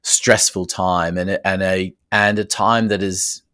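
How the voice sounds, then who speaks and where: Deep-voiced Australian man hosting. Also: flat delivery, pushed and bright, a little hiss or hum. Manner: measured, hesitant questions. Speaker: podcast host. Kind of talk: conversational interview.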